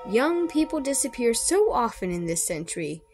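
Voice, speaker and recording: A woman voicing a sinister, ancient old female doll maker who speaks slowly and menacingly through clenched teeth. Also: on the high side, very animated, music in the background. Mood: quietly sinister.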